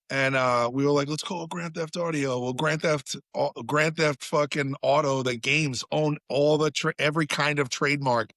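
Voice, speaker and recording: A man's voice: a little high, a bit bright, no room sound. A man, a podcast guest, telling a story in casual chat, swearing freely and acting out quotes in a raised voice.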